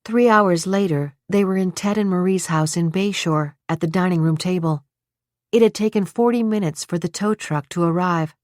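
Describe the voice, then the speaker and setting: A woman with a low, grounded voice reads a suspense novel aloud in a measured, steady way. Her voice is dry and close, with no room around it, and she gives the characters' lines their own colour. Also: no echo. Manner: even, measured storytelling with voiced dialogue. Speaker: audiobook narrator. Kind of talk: scripted narration.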